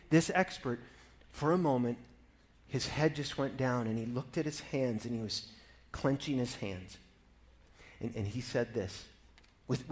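A middle-aged man preaching a sermon, with quiet, reflective stretches that build into loud, emphatic exhortation. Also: medium pitch, breathy edge. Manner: swings between hushed storytelling and rising emphatic preaching. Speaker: pastor.

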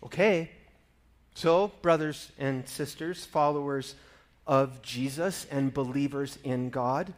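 A middle-aged man preaching a sermon, with quiet, reflective stretches that build into loud, emphatic exhortation. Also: mid-range voice, takes it slowly. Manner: swings between hushed storytelling and rising emphatic preaching. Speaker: pastor.

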